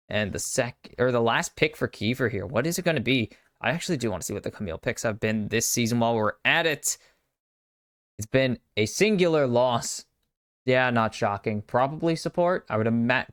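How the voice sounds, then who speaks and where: A man's voice: medium pitch, a bit bright, no room sound, studio quality. A man from the United States casting an esports draft alone on a live stream, chatty and self-deprecating, muttering asides to himself. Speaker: esports caster.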